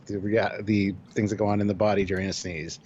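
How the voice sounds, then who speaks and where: Lower-voiced man on a dull lo-fi mic. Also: flat delivery, brisk, darkish tone. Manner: blunt, sardonic, laughing at the silly bits. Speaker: co-host of a live review show. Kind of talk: casual live-stream discussion. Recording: dull lo-fi mic with faint hiss.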